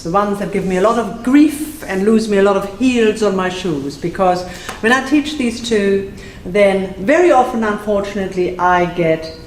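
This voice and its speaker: A woman teaching a live class, playful and self-mocking, drilling phrases slowly and then fast. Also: medium pitch. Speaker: Spanish teacher. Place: classroom with audience. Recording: echoey room with faint ambience.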